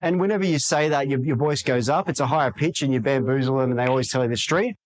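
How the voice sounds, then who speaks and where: A man's voice: mid-range voice, fast, dry recording, low-quality recording. A man in a podcast interview, talking energetically and acting out quoted dialogue in other voices. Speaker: real estate agent guest.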